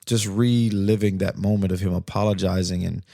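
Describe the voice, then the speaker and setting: A man in his thirties talks earnestly to his listeners as a podcast host, shifting from a heartfelt personal story into calm advice. His voice sits fairly low, and the recording is dry and close with no room sound. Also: normal speed, creaky, no room sound. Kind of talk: podcast monologue on parenting.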